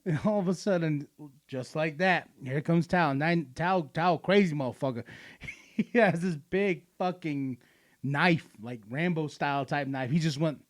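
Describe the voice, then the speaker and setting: A man's voice: fairly high pitch, normal speed. A man co-hosting a casual podcast, telling profane stories and laughing as he goes. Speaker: podcast co-host. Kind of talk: casual storytelling chat.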